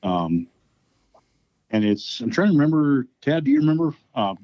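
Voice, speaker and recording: A man who organizes a shooting match, explaining things in a relaxed way in a casual podcast interview, often pausing with "um". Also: mid-range voice, no echo, rough recording. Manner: relaxed, explaining at length with many ums.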